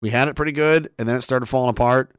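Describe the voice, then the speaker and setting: A man's voice: mid-range voice, fairly even intonation, fast talker, dry recording, clean studio sound. A man delivering a casual, profane rant, mocking and laughing often. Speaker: commentator.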